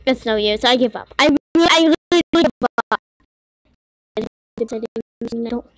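A woman giving casual commentary while playing an online game, excitable, giggly and quick to get frustrated, talking to herself. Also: on the high side, no room sound. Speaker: gamer playing a Roblox game. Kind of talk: casual let's-play commentary.

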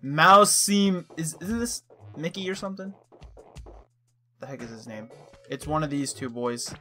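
A man's voice: on the high side, expressive, a little slow, sharp tone, faint music behind. A young man giving playful, hammy commentary while playing a life-sim game. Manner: playful, hammy trash talk. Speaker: let's play streamer. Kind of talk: gameplay commentary.

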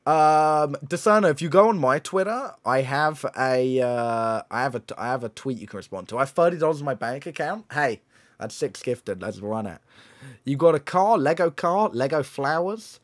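A young man, live-streaming and teasing viewers in excitable, joking banter. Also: medium pitch, moderate pace. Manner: teasing, excitable, swears and laughs often. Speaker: livestreamer. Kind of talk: casual live-stream commentary.

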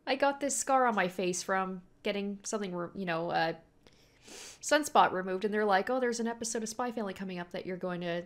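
A woman's voice: medium pitch, a little fast. A young woman hosting an anime reaction video, talking casually and gushing often as she reacts. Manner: animated, gushing, laughs often.

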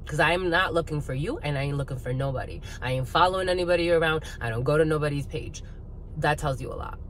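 A woman with a fairly low voice gives a tarot reading, blunt and heavy on swearing. She rants at her viewers and calls them "my lovies." Faint noise sits behind her. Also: fast talker. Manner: blunt, profane, rants with laughs. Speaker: spiritual reader.

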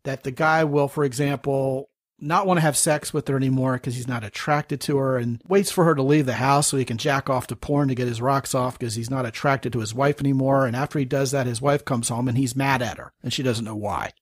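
A man's voice: mid-range voice, fairly even intonation, brisk, no echo, clean studio sound. A man hosting a podcast interview, talking frankly and checking that he understands his guest. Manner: frank, probing, lays out examples and checks understanding. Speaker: podcast host.

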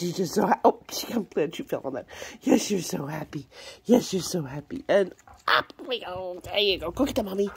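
A woman's voice: lowish voice, expressive, normal speed, slight background noise. A woman breeder narrating a casual vlog, switching between plain explanation and sing-song baby talk to her puppies. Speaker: dog breeder.

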